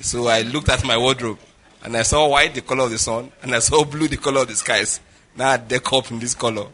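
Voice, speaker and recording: A man's voice: mid-range voice, fairly even intonation, a little fast, pushed and bright, a little hiss or hum. A middle-aged man preaching a sermon, telling stories with jokes and Pidgin asides. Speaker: pastor.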